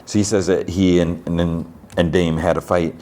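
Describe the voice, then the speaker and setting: A podcast host with a low voice walks through a TV episode in an easy, casual way. He rambles, fills gaps with "like" and often restarts his sentences. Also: flat delivery, normal speed, warm tone.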